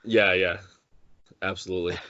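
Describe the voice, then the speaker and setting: A man's voice: low voice, flat delivery, moderate pace, bright, forceful tone, no room sound, highs cut off. A man co-hosting a podcast in casual chat, rambling with many restarts and acting out quotes. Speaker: podcast co-host.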